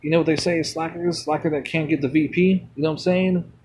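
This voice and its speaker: A man's voice: a little high, fairly even intonation, fast talker, a little mellow, a little hiss or hum. A man streaming a mobile game, rambling bluntly between chat replies and swearing freely. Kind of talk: rambling casual chat while gaming.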